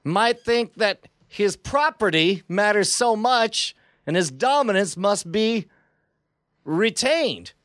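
A man's voice: high voice, animated, a bit bright, dry recording, clean studio sound, pitched above the performer's own voice, heavily acted. A man putting on a drawling villain warlord. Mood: menacing. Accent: put-on fake Southern drawl. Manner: slow grandiose villain speeches. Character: swaggering menacing male warlord of a chimp army.

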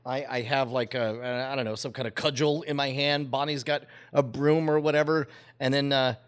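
A man in his forties telling a rambling story in casual chat, halting with restarts and laughter. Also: medium pitch, steady tone, clear, resonant tone.

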